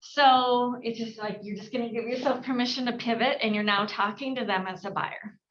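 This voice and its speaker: A woman coaching real estate agents in an energetic team training talk, switching her inflection to act out client dialogue. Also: on the high side, a little fast, dull audio.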